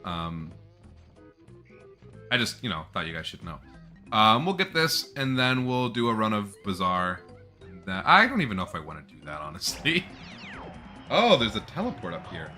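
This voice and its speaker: A man chatting and joking through a gameplay session in a bright, forward voice. His pitch sits a little low but swings widely. There is faint music underneath. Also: normal speed, pauses often. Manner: chatty, jokey, animated. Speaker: gameplay streamer. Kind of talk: casual gameplay commentary.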